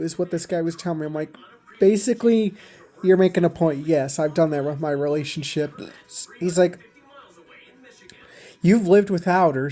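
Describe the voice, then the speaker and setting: A man's voice: fairly high pitch, warm tone. A young man casually retelling relationship advice he got, rambling with lots of fillers. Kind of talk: casual storytelling vlog.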